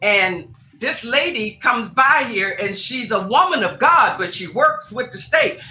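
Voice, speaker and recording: A woman spiritual advisor from Tacoma, Washington, with a high, bright, sharp voice. She talks emphatically and bursts into exclamations, calling the host "girl" and "honey" as she preaches in casual chat. The sound is echoey, with faint noise behind her. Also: lively intonation, a little slow. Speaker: spiritual advisor, radio guest.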